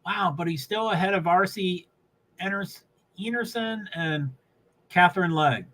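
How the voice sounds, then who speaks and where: A New England man chats casually on a livestream, rambling and laughing as he follows a race. His high voice is pushed and bright yet unhurried, and the audio quality is poor.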